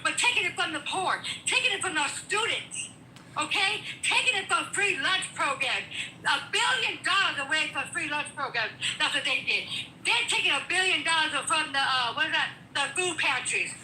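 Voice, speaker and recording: Swearing and cutting across the other person, this middle-aged woman is a political debate guest arguing with angry emphasis. Her voice is high and sharp, with lively intonation and a moderate pace. There's a bit of background noise in an echoey room.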